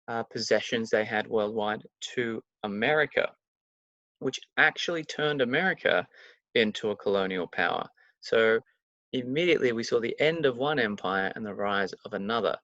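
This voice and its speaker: A man's voice: medium pitch, a bit bright, dry recording. A man presenting a daily history explainer, talking his way through dates with dry, facetious asides. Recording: dull, lo-fi, dry mic sound.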